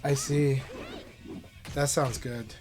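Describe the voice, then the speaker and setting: A man's voice: mid-range voice, steady tone, slow, over music. A man live-streaming a fighting game, chatting casually and encouragingly with viewers.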